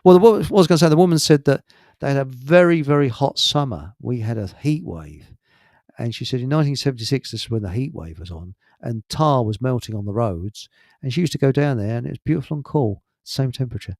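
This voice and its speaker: A man's voice: mid-range voice, lively intonation, quick pace, a little mellow, no echo, studio quality. A man with a Hertfordshire accent chatting casually as host, rambling, chuckling often and trailing off mid-sentence. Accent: Hertfordshire English. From England. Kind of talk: casual chat.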